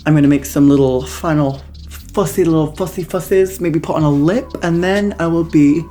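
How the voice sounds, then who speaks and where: A young woman with a notably low voice talks straight to camera in a casual vlog, picking apart a movie. She is sarcastic and mocking, tossing in swear words and plenty of "like.". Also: normal speed, warm tone. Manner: snarky, mocking, peppered with swearing and "like". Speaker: movie reviewer.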